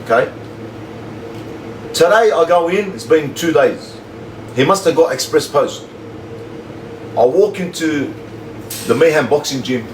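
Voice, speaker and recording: A livestream host with a voice on the high side tells his viewers a story in casual, slangy chat, speaking a little slowly and pausing often. He's an animated, repetitive storyteller full of slang. The room is echoey, the mic slightly distant, and a faint hum runs underneath.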